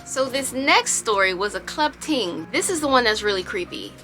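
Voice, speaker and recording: A woman vlogger recounts a story in a chatty, animated way. Her voice is bright and sits a little high. Faint music plays under the talk. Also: normal speed. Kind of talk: storytime vlog.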